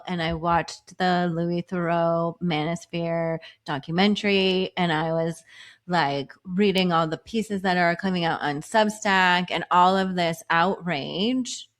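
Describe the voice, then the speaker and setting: A woman co-hosting a podcast, chatting casually with lots of "like" fillers and acting out her own past thoughts. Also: fairly low pitch. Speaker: podcast co-host.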